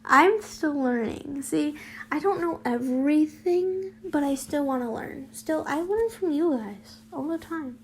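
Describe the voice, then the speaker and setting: A woman's voice: sits high, expressive, measured pace, slight background noise. A young woman reading her fanfiction aloud, breaking off into rambling, giggly, self-deprecating chat and whispered asides. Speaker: fanfiction reader and vlogger. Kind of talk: casual story reading with chatty asides.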